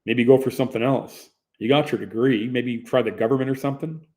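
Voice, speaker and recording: A man's voice: medium pitch, fairly even intonation, fairly quick, a little mellow, close to an everyday voice. A man voicing a laid-back guy from work. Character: casual male coworker and hockey teammate.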